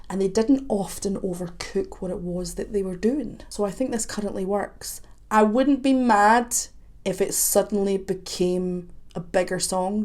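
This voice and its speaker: A woman commenting on a song as a vocal coach, chatty and analytical, with quick asides. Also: mid-range voice, warm tone. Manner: analytical, breaks off to sing snippets. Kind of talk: reaction video commentary.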